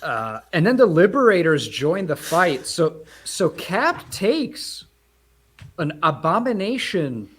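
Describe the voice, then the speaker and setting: A man's voice: a little high, big pitch swings, slow pace, fairly bright tone. A man co-hosting a casual comic book podcast, joking and acting out characters' lines. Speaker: podcast co-host.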